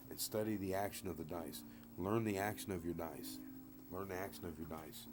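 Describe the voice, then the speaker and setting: A man streaming live about craps dice throws, rambling and excitable, swearing freely as he talks. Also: deep voice, fairly quick. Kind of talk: casual live-stream talk. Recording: music playing behind.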